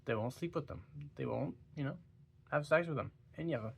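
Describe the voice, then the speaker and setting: A tired young man yawns his way through a casual book-talk vlog, rambling about a book with stumbles and giggles. He's a book reviewer whose medium-pitched, brisk voice sounds gravelly with a breathy edge.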